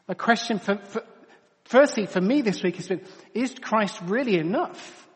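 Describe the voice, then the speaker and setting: Guy preaching into a headset mic, earnest and chatty, quite high voice, big hall echo. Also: lively intonation, moderate pace. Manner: earnest, conversational, addresses crowd as guys. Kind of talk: sermon. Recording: long hall reverb.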